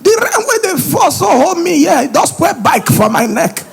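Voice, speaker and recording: A shrill, exasperated older mother, put on by a male comedian, scolds her child at a high, loud pitch. Her voice swoops high and lively. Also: normal speed, creaky, faint music behind, exaggerated voice. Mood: scolding. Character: scolding older African mother on a flooded road.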